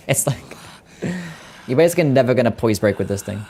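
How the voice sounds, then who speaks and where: A man's voice: medium pitch, animated, normal speed, a little mellow. A young Australian man with an Australian accent chats casually and swears while he streams a game for his viewers. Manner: laid-back and sweary, chatting to viewers. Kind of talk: casual chat while gaming.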